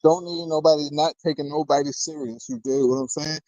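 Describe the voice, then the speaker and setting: Slightly high and mellow, with fairly even intonation and a brisk pace, this battle rap host rambles through casual commentary on a dry, low-quality recording. He constantly says "you know what I mean," laughs between comments, and trades jokes with chat.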